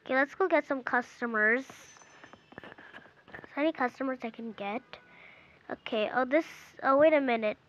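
A woman's voice: high-pitched, normal speed, pauses often, fairly bright tone, slight background noise. A woman narrating casually over a mobile game, chatty and easily distracted, thinking aloud as she plays. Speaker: gameplay narrator. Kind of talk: casual game commentary with pretend play. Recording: dull lo-fi recording.

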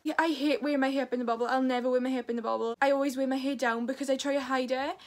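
A woman's voice: high voice, fairly even intonation, racing. A Welsh woman in her late teens chatting casually to camera as a vlogger, dropping "like" into her sentences often. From Wales. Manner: chatty, says "like" a lot.

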